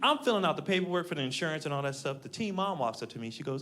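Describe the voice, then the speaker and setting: A stand-up comedian from Los Angeles, a man telling animated stories on a club stage through a handheld mic. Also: a little high, very fast. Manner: animated storytelling with voiced characters. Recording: live audience laughing.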